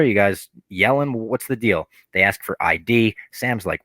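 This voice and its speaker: A low-voiced man talks through a TV episode on a casual podcast, recorded dry and close to the mic. He tells it with energy and drops into brief impressions of the characters as he goes. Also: moderate pace, few pauses, no echo. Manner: animated retelling, acts out quoted characters. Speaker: podcast co-host.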